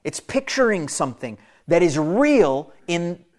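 A man preaching through a scripture passage in an earnest, emphatic way, his voice sitting a bit higher than most men's. He repeats his key phrases to press each point home. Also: very animated, a little slow, darkish tone. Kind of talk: expository sermon.

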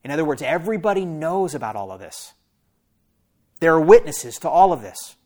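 A man's voice: a little high, sing-song, fairly quick, warm tone. A man, a pastor, preaching a sermon and reading scripture aloud, stopping often for plain explanatory asides to his listeners.

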